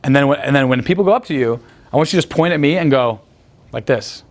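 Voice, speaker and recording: In a casual interview, a man guest talks about picking up women, telling crude, boastful, rambling stories packed with profanity. He speaks fast in a mid-range voice.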